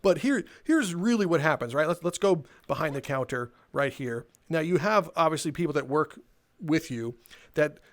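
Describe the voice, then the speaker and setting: A man's voice: on the high side, expressive, moderate pace. A young man telling a sarcastic, exasperated, swear-filled comedic rant as he walks around. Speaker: comedic storyteller. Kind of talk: profane comedic rant, walking tour.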